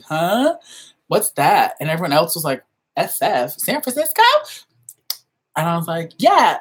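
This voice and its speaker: A young woman vlogger telling stories in a casual, animated way, acting out quoted voices with big jumps in pitch and laughing often. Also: slightly rough. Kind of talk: casual storytelling chat.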